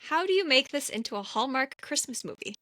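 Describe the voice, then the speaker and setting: This woman has a bright, ringing voice that comes across dry and close on the mic. She chats casually as a podcast co-host, retelling a film's backstory with lively, chatty enthusiasm. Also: high voice, a little fast, no room sound. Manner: animated storyteller, chatty. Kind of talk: casual chat, film recap.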